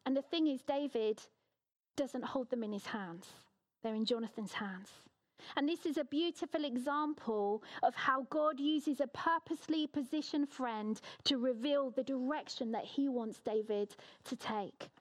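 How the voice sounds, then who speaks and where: A woman with a slightly high voice delivers a sermon to her church. She speaks earnestly and with emphasis, at a measured pace. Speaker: preacher.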